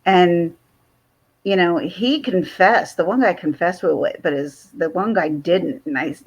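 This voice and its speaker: A woman talks as a guest in an earnest, halting way. Her voice sits fairly low and sounds husky. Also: muffled recording. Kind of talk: casual chat.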